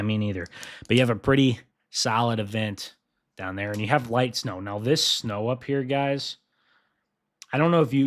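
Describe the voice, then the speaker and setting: A young man hosting a live weather briefing, chatty and excitable, often laughing as he talks through forecast models. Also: mid-range voice, dry recording, studio quality. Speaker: weather livestream host.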